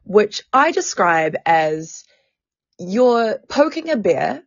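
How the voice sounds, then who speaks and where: Woman podcast host telling her story, blunt and animated, swears a lot, dull dry recording. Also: medium pitch, slow pace, no echo. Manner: frank, animated, swears freely. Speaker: podcast host and sex worker activist.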